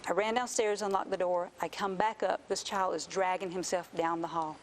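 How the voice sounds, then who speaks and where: A woman, a mother telling an emotional personal story as an interview guest, earnest and animated. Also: lowish voice, moderate pace, a little hiss or hum. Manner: earnest, animated retelling with quoted voices.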